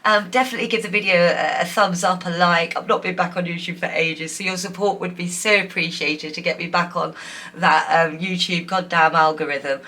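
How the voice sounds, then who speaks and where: Woman tarot reader, pick-a-card style, lowish bright voice, loose and giggly delivery full of fillers. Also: steady tone, fairly quick. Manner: chatty, giggly, warm and encouraging, many fillers.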